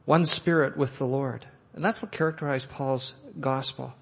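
A man preaching a sermon, reading and expounding scripture earnestly, pushing phrases up and letting them fall soft. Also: mid-range voice, fairly even intonation, normal speed, creaky, husky. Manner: earnest, rising to emphatic phrases then dropping soft. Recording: echoey hall with long reverb.

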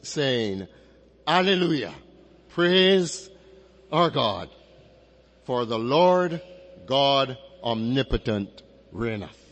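A man with a notably high voice preaches in a measured, emphatic way, stretching out key phrases as he works through scripture. His words ring out into a long, echoing hall. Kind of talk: expository sermon.

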